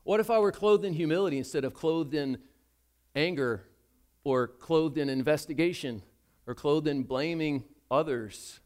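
A man's voice: on the high side, normal speed, darkish tone. An older man preaching a sermon as a pastor, telling a story about himself in a chatty, self-deprecating way.

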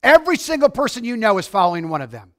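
Male preacher, high voice, excitable, loud-to-soft sermon delivery. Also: very fast. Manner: excitable, shouts then drops to quiet. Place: church sanctuary.

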